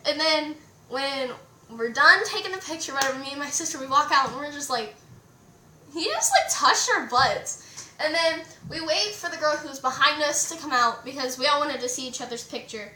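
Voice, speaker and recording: Young woman, excitable, rambling, high-pitched, echoey room. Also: fairly quick, slight background noise. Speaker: vlogger. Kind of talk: casual storytime vlog.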